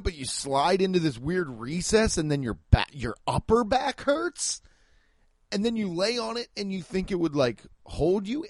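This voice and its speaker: A man's voice: sits high, a little mellow, no echo. A young man ranting in a comic, profane, fired-up way, talking into a close mic. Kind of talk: comic rant.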